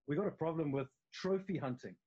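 A South African-accented actor guests on a live video interview, chatting loosely and restarting his sentences often. His voice is fairly high, mellow, and husky, he talks briskly, and the audio sounds dull.

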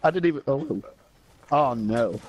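A man chatting casually with friends while gaming on a headset mic, excitable and quick to laugh. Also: mid-range voice, highs cut off. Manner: excitable, laughs a lot, yelps for help mid-fight. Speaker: gamer streaming with friends.

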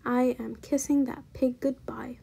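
A woman voicing a bossy, proper elderly spinster who gives commands and shouts. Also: high voice, fairly even intonation, measured pace, gravelly, slightly rough, heavily acted. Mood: indignant. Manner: commanding and prim, prone to shouting.

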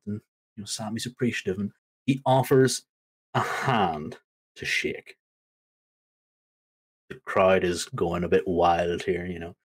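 A man hosting a podcast, animatedly recapping a wrestling segment and acting out the lines he quotes. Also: mid-range voice. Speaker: podcast host.

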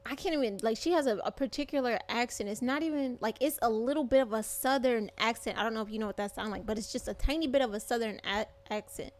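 A woman's voice: a little high, fast, hardly any pauses. A woman streaming in-character game roleplay as a mother, talking bluntly and swearing freely. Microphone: desk microphone at a gaming setup.

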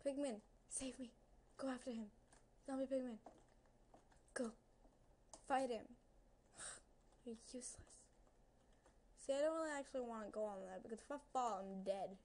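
A woman's voice: a little high, a little fast, pauses often, a little mellow. A young woman giving casual gameplay commentary into a headset at home, nervous and chatty, talking to creatures in the game and to her viewers. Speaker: gaming video creator.

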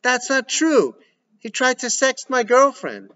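A man voicing an angry teenage girl who yells through a door. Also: extremely high pitch, sing-song, slow pace, pitched above the performer's own voice, heavily acted. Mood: furious. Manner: yelling, raised and strained. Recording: dull lo-fi recording.

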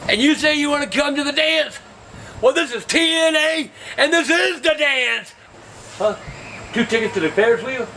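An actor playing a hot-tempered, foul-mouthed grandpa in a comedy web series, ranting and yelling insults in a gravelly voice. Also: male voice, lively intonation, normal speed, a little hiss or hum, heavily acted. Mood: furious. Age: over 60. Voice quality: gravelly, high-pitched, shouty. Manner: cursing constantly, yelling insults.

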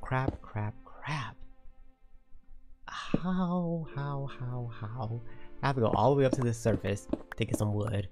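A man giving uncut running commentary on his own game, talking to himself and venting frustration out loud. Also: on the low side, fairly even intonation, normal speed, music in the background. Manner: talks to himself while playing, frustrated outbursts. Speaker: Minecraft let's player.

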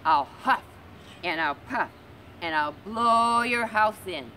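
Woman putting on a loud huffing big bad wolf. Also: medium pitch, animated, a little slow, a little hiss or hum. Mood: menacing.

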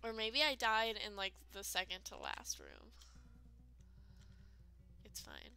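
A woman's voice: mid-range voice, huge pitch swings, slow pace, creaky, sharp tone, clean tone, no room sound, faint music behind. A woman giving casual, rambling let's-play commentary, full of fillers and self-deprecating asides. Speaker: gaming video creator.

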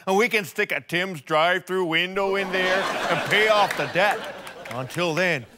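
Guy doing a high-voiced flustered politician, says eh a lot, noisy recording. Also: unhurried. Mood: sheepish. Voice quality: folksy, drops "eh" into speech. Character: blustering male politician, secretly a nervous Canadian. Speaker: interview guest. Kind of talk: sketch comedy acting.

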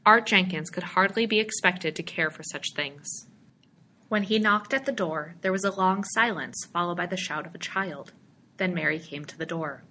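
A woman narrating a story aloud in a steady, expressive audiobook reading. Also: lowish voice, normal speed, a little hiss or hum.

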